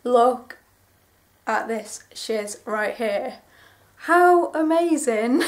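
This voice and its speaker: A young woman chatting through a clothing haul vlog, gushing and rambling with enthusiasm. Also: a little high. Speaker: vlogger.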